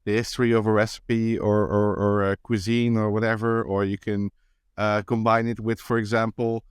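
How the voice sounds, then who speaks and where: A man's voice: lowish voice, flat delivery, normal speed, smooth, dry recording, studio quality. A man co-hosting a podcast in casual chat, hesitant, with many ums and uhs. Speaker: podcast co-host.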